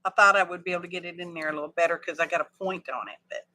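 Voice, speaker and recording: A woman's voice: fairly low pitch, steady tone, racing, pushed and bright. A woman hosting a craft livestream, chatting casually and thinking aloud with folksy asides.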